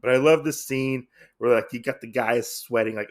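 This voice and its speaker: A man's voice: medium pitch, fairly even intonation, normal speed. A man hosting a comic podcast, recapping an issue in a rambling, casual way full of fillers.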